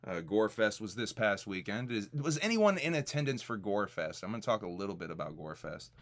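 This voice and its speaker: A man's voice: on the low side, sing-song, brisk, fairly bright tone. A man in his thirties co-hosting a casual live-stream podcast, joking around and greeting viewers in the chat by name. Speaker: podcast co-host.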